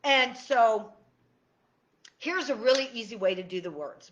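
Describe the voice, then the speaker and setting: Excitable woman coach, bright tense voice, swoops high and low, lively stream host. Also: a little slow, long pauses, muffled recording. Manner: bubbly, excitable, chats to viewers by name. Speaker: tapping coach. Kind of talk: live-stream Q&A teaching.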